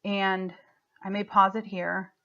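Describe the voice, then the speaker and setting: A woman's voice: medium pitch, level tone, slow pace, bright, forceful tone. A woman coach giving an emotional, affirming motivational talk, getting choked up as she speaks. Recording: muffled lo-fi recording.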